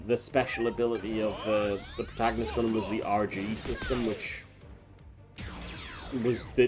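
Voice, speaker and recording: Rambling male streamer, mid pitch. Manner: rambling, talks in long tangents with many fillers. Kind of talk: casual let's-play commentary. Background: faint game music.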